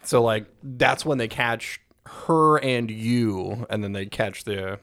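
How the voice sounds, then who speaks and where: A man's voice: medium pitch, fairly even intonation, takes it slowly, a bit bright, dry recording. A man co-hosting a casual podcast about a game, laid-back and agreeable with dry, profane remarks. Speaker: podcast co-host.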